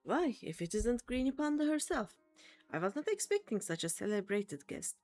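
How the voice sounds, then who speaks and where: A pompous expedition leader with formal, stilted phrasing, as a woman reads his lines aloud. The reading swings up and down in a lively way, with faint game music underneath. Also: fairly high pitch, moderate pace.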